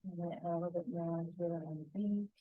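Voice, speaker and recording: A woman teaching a painting tutorial, talking calmly and gently through each brushstroke. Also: fairly low pitch, a little fast, no room sound, phone-quality sound. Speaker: painting instructor.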